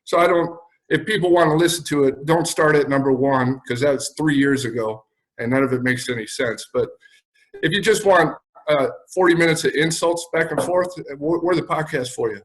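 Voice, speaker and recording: Blunt Chicago man, a bit high. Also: normal speed, poor audio. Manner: blunt, profane. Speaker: podcast guest. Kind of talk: casual podcast chat.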